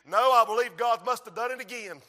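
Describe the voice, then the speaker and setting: A man preaching a sermon, moving between hushed storytelling and shouted refrains. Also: very high voice, a little fast, in a large hall.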